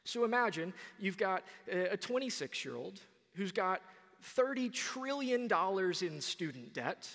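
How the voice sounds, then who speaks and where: A young man preaching a sermon, retelling a parable in a conversational, animated way. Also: sits high, a little slow, big-room sound. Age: young adult.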